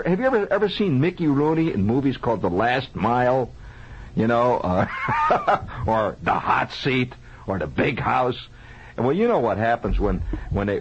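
A man with a medium-pitched, slightly breathy voice spins a comic story from his childhood over an old lo-fi radio broadcast. His improvised telling is animated and conversational, full of questions to listeners and mouth-made sound effects.

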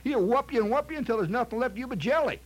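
A man voicing an excitable club member, exclaiming in disbelief. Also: very high voice, a little fast, voice pushed up, exaggerated voice. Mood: incredulous. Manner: incredulous, exclamatory.

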